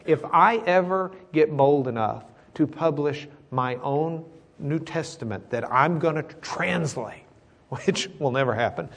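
Middle-aged Southern male Bible teacher, joking and folksy, fairly high-pitched. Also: animated, a bit bright, slight background noise. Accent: American Southern. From Southern United States. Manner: folksy and joking, reading verses slowly. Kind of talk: Bible class lecture.

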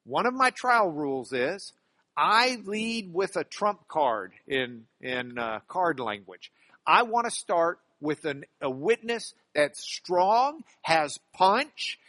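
A man's voice: fairly high pitch, bright, forceful tone, no room sound. A man who works as a trial lawyer teaching a class from slides, folksy and emphatic, with joking asides.

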